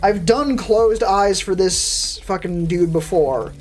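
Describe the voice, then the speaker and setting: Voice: medium pitch, takes it slowly, a little mellow, faint music behind. A VTuber streamer chatting casually with a live audience and answering chat, with a sardonic, profane, rambling manner.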